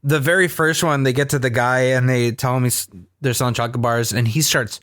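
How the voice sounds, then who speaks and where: A man co-hosting a podcast in casual chat, relaxed and thoughtful, often restarting his sentences. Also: medium pitch, brisk, no room sound, clean studio sound. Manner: relaxed, thoughtful, repeats words when starting. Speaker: podcast co-host.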